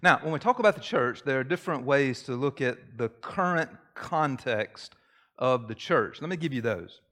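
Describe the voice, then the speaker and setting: A man preaching a sermon, leading a short prayer and explaining terms in a measured way, repeating key phrases for emphasis. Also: mid-range voice, animated, pushed and bright. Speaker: pastor.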